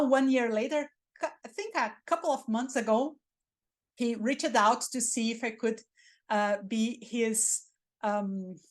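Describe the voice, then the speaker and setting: A woman with a Spanish accent, a native Spanish speaker, giving interview coaching and acting out dull and excited ways of talking. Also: on the high side. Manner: animated, demonstrates dull and excited delivery. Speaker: career mentor.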